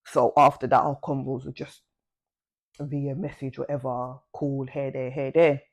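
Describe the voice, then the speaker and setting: A woman chats through a personal story for her vlog. She talks loosely and uses plenty of slang. When she plays out bits of conversation, her voice leaps up in pitch. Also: flat delivery, unhurried, a little mellow. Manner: chatty and slangy, swings pitch to act out quoted talk. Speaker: vlogger. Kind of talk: casual storytelling to camera.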